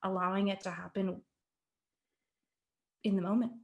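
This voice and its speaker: A young adult woman, a guest actor, chatting in a webinar about her process, thoughtful and halting with many fillers and restarts, heard over a video call. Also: mid-range voice, fairly even intonation, lo-fi sound. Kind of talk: casual webinar chat.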